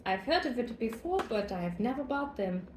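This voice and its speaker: Baking at home, a young book vlogger keeps up a playful, casual chat and frequently lowers her voice to a whisper. She's pitched on the high side with big swings, talks at a moderate pace, and the echoey kitchen recording carries a little hiss or hum.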